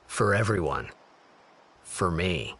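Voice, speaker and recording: An actor playing a young male hero in a video game, reflecting slowly. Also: low voice, animated, fairly bright tone, slight background noise, heavily acted. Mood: wistful. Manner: slow, reflective narration. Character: young male hero, wistful, a bit unsure.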